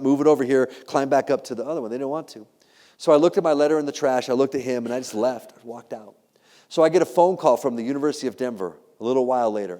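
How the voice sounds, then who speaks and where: Animated male keynote speaker in a hall. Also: mid-range voice. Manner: animated, acts out quoted voices, laughs often. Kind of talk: humorous motivational keynote storytelling. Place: large hall before a live audience. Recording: long hall reverb.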